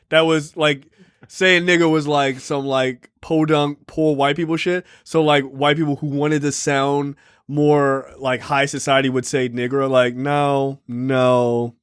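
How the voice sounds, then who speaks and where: A man's voice: mid-range voice, clean tone, dry recording. A man jokes his way through a casual film review podcast, tossing in crude asides and sardonic comments. His voice is recorded close and dry, with no room sound. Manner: wisecracking, profane, chiming in with jokes. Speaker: podcast co-host. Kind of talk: casual movie review chat.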